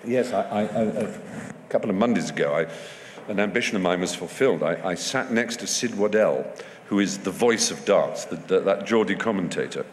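A low-voiced, expressive man speaks at a moderate pace as a guest in an onstage festival conversation, wry and discursive, frequently restarting his sentences. He's on a festival stage before an audience, and the recording carries long hall reverb with faint background noise.

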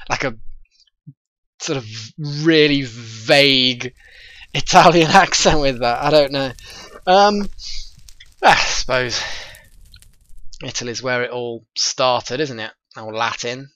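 A man casually commenting on his own gameplay, thinking aloud in a chatty, excitable way. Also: medium pitch, takes it slowly, long pauses, dry recording. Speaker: let's play host.

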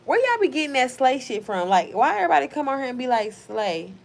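A woman's voice: high voice, big pitch swings, fast, gravelly. A woman hosting a casual livestream, reading viewer comments aloud and answering them in a blunt, profane, playful way. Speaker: livestream host.

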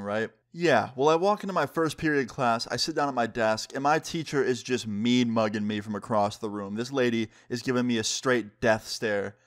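A man YouTuber telling a storytime vlog with lively, acted-out dialogue. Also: mid-range voice.

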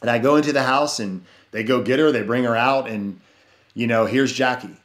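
A man's voice: medium pitch, a little fast, a bit bright. A man telling his life story as a podcast guest, earnest and rambling, with many "you know" fillers and restarts. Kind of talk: personal testimony in casual conversation. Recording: roomy echo.

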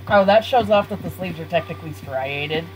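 A woman's voice: lowish voice, poor audio. A woman live-streaming a life-simulation game, chatting casually with her viewers and laughing often. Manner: giggly, chatty, talks to chat.

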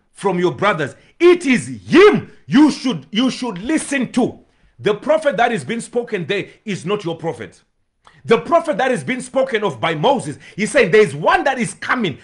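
A man preaching a sermon as pastor, swinging between loud shouts and hushed pleading, with bursts of tongues. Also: sits high, breathy edge.

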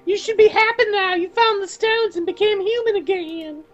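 A man voicing a gentle, kindly male talking cat who soothes and reassures in a soft voice while reading game dialogue. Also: very high voice, normal speed, muffled recording, faint music behind. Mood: comforting.

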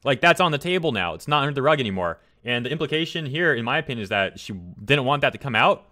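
A man's voice: medium pitch, lively intonation, fast, bright, forceful tone. A man hosting a commentary vlog, ranting heatedly and repeating his points for emphasis. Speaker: commentary channel host.

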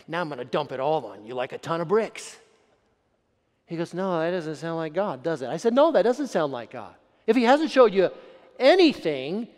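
A middle-aged man preaching a sermon as a pastor, telling a story and acting out the voices of the people in it, swinging between loud and hushed. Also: high-pitched. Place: church sanctuary. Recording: long hall reverb.

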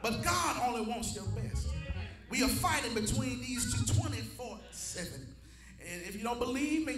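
A man preaching a sermon to a responding congregation, building from storytelling into shouted preaching. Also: very high-pitched. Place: church sanctuary. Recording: echoey church with organ music. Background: congregation call-outs and organ.

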